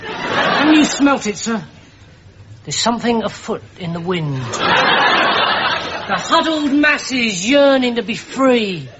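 A dim, earnest army private with a very high voice, talking in plain, slow-witted eagerness and tacking sir onto everything. He is heard on a dull sitcom soundtrack, with the audience laughing and a steady hiss behind him. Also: over a noisy crowd, heavily acted. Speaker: private soldier. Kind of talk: sitcom acting before a studio audience.

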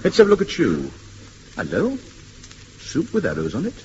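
A man's voice: mid-range voice, wildly swooping pitch, normal speed. An actor playing a pompous, bumbling crook who stumbles over his words, in vintage radio comedy. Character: pompous bumbling male crook, comically nervous. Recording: dull old radio recording with loud hiss.

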